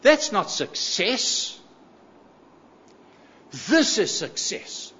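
A man's voice: fairly high pitch, sing-song, measured pace, fairly bright tone. A man preaching a sermon, emphatic, repeating key phrases and asking the congregation rhetorical questions. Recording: echoey hall, slightly dull sound.

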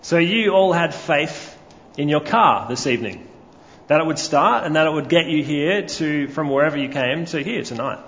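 A man's voice: on the high side, expressive, normal speed, fairly bright tone, slight background noise. Man preaching in a reverberant hall. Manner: storytelling, asks the congregation questions. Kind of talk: sermon. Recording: lo-fi recording with long hall reverb.

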